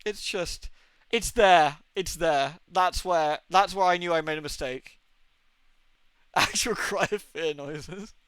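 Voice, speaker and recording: A man streaming a game, commentating live in an animated, self-mocking way and laughing often. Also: high-pitched, slow, smooth, no room sound.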